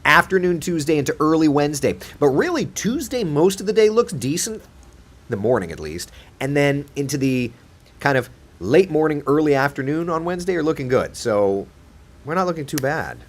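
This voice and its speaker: A man's voice: a little high, sing-song, moderate pace. A man hosting a casual live chat as a TV meteorologist, playful and chatty as he answers viewers' comments.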